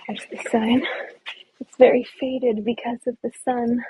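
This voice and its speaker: A woman leading a live walking tour outdoors, talking in a relaxed, often hushed way as she walks with her phone. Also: fairly high pitch, measured pace, noisy background. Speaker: tour guide. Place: outdoors in a hillside village.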